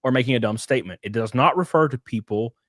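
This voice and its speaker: A man's voice: medium pitch, fast talker, a bit bright, dry recording, clean studio sound. A man chatting loosely and crudely as a guest on a podcast over a video call. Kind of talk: casual chat.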